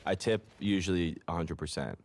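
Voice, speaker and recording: A podcast co-host defends his habits in a laid-back way and shrugs off the teasing. His voice sits fairly low. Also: normal speed. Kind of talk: casual podcast banter.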